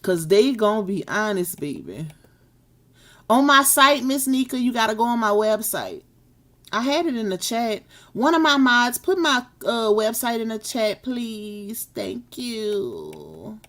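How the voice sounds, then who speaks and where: A woman's voice: on the high side, big pitch swings, a little slow, fairly bright tone. A woman, hosting a casual live stream and chatting with her viewers, laughing often. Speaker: live stream host reading chat.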